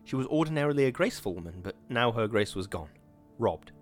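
A man narrating an audiobook in a measured, dramatic reading. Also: medium pitch, expressive, faint music behind. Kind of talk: scripted narration.

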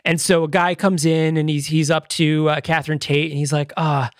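Rambling man on a podcast, higher voice. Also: level tone, fairly quick, no room sound, clean studio sound. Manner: rambling, many fillers and restarts, laughs often. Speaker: podcast co-host. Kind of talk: casual movie review chat.

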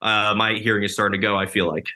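Bright young guy guest on a podcast, rambly, thinks out loud. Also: lowish voice, little pitch movement, fast. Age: 20s. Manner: loose, lots of "like" fillers, thinks aloud. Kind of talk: casual interview conversation.

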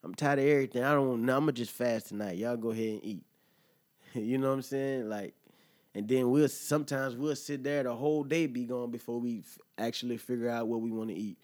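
Dude hosting a podcast, chill and cussing, chuckles a lot, mid-pitched voice. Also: male voice, fairly quick, darkish tone. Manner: laid-back, profane, chuckles often; conversational, asks listeners "you feel me?". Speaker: podcast host. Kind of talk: casual monologue reacting to an article.

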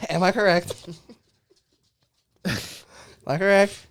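A man's voice: sits high, fairly even intonation, takes it slowly, smooth. A man co-hosting a casual podcast, swearing freely and tacking dude onto his lines. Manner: swears a lot, says dude. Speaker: podcast co-host.

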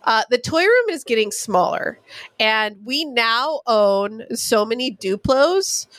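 A woman's voice: fairly high pitch, lively intonation, takes it slowly, a bit bright, dry recording. A woman from California, a talk show co-host telling candid, swearing family stories in casual chat. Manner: candid storytelling with laughs and swearing.

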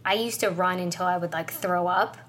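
A woman's voice: lowish voice, steady tone, brisk, fairly bright tone, slight background noise. A woman co-hosting a podcast, talking in a casual, reflective way and getting choked up and tearful as she opens up. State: choked up, crying. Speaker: podcast co-host. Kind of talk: casual heartfelt conversation.

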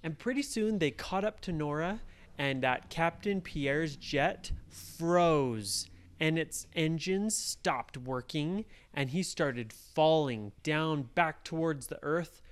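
Woman in her thirties, parent telling a bedtime story; slow, expressive, playful. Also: sits low. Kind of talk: made-up bedtime story to children.

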